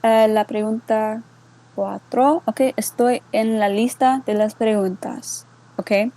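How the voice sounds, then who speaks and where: A server moderator whose voice is a little high and a little slow guides viewers through a bot in a screen-share tutorial. Relaxed and full of fillers, she blends English and Spanish and keeps asking "okay?", though the audio is poor.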